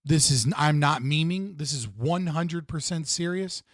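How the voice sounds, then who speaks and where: A man's voice: fairly high pitch, unhurried, no room sound. Heated ranting man, dry close sound. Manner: heated, profane, repeats himself for emphasis. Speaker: live stream host. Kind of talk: livestream political rant.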